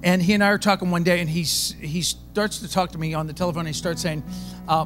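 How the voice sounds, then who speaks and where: A man who is a pastor, preaching a sermon in a loud, conversational storytelling way. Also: sits high, fairly even intonation, fast, over music.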